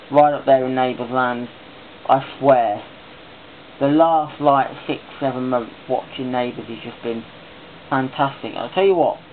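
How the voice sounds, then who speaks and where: A man chatting casually in a vlog, rambling and enthusiastic as he talks on. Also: mid-range voice. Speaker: vlogger. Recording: tinny phone-like sound with faint hiss.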